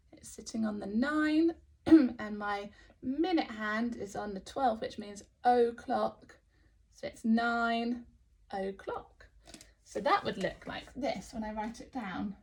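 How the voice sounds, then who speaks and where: A woman with an English accent teaching phonics to young children, sounding out letters slowly and praising often. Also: on the high side. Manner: slow, sounding out letters, encouraging. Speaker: early years teacher.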